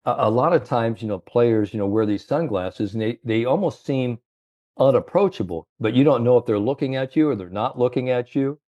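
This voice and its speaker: A man's voice: mid-range voice, lively intonation, fairly quick, warm tone, lo-fi sound. A man telling a long golf story as a guest expert on a podcast, filling his talk with constant "you know"s. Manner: rambling, heavy use of "you know".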